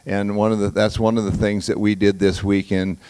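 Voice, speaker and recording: A man hosting a graduation ceremony, speaking to the class and the audience in a halting way, with many fillers and restarts. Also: on the low side, little pitch movement, a little mellow, smooth. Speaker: auction school leader hosting a graduation.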